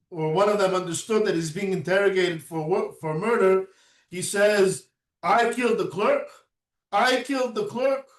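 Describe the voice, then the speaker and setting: A man giving a recorded lecture, unhurried, who often adds a questioning "right?" and pauses on "uh". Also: high voice, roomy sound, distant mic.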